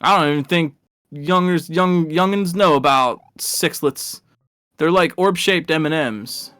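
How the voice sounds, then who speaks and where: A rambling, talkative man commentates a live video game race in a relaxed stream style. His voice sits a little high, and he chuckles at his own tangents. The sound is dry and close, with faint music underneath. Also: a little slow, clear, resonant tone, no echo. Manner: rambling and chatty, laughs at his own stories.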